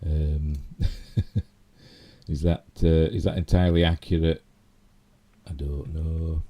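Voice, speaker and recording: Man, Yorkshire accent, middle-aged, low voice, slightly hoarse, rambling chatty live-stream host. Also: level tone, slow, lo-fi sound. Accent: Yorkshire English. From Yorkshire, England. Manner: rambling, chatty, with many fillers and self-asides. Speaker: channel host. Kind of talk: casual live-stream commentary.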